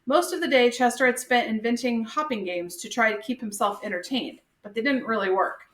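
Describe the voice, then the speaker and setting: High-voiced woman reading a storybook. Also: brisk, a bit bright. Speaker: reader. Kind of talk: storybook read-aloud. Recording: echoey room.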